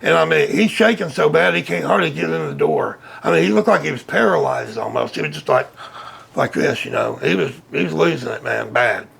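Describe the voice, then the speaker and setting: Man, high and gravelly, animated storyteller guest. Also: brisk. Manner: animated, acts out quotes loudly. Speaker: interview guest, witness. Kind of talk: casual storytelling.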